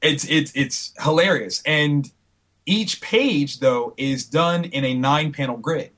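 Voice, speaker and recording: A man, a comic book creator, chatting casually in an interview as an animated storyteller who acts out the people he quotes. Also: fairly high pitch, takes it slowly.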